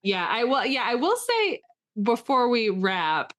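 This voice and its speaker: A young adult woman co-hosting a podcast in casual chat, animated and quoting herself in jumpy voices. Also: measured pace. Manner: animated, acts out quotes with big pitch jumps. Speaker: podcast co-host.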